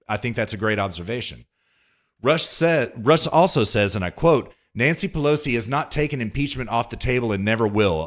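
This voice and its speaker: A man hosts a political commentary podcast, his voice sitting in an ordinary mid-range pitch. He reads news excerpts aloud, then breaks off with sarcastic, indignant asides to his listeners. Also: a bit bright. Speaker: podcast host.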